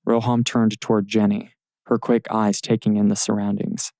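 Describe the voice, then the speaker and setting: A man narrates an audiobook in a steady, measured read. His low voice is dark and gravelly. It is recorded close and dry in a studio booth. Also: no echo.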